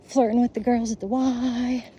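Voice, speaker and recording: Middle-aged woman, blunt and foul-mouthed, ranting to her phone on a walk; dark mellow voice, slightly high, faint outdoor noise. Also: little pitch movement, normal speed, highs cut off. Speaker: vlogger. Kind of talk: casual monologue while walking outdoors.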